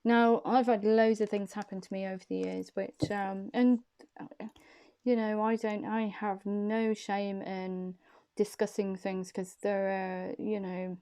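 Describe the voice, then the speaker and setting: A woman's voice: mid-range voice, level tone, unhurried, warm tone. A woman, a reader chatting casually and laughing at herself as she tells a personal story. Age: young adult. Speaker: intuitive reader.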